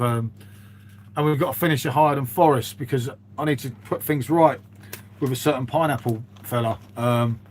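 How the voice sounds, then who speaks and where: Calling everyone "mate," this man hosts a live stream, chatting casually and drifting from topic to topic. His voice is medium-pitched and a little mellow, with a little hiss or hum in the recording.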